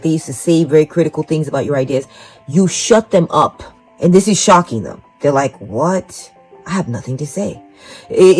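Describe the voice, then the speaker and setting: A woman's voice: low-pitched, a little mellow, low-quality recording. Rambling woman giving a tarot reading. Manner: rambling, repetitive, encouraging, talks straight to the viewer. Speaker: tarot reader. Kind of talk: psychic tarot reading to camera. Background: faint music.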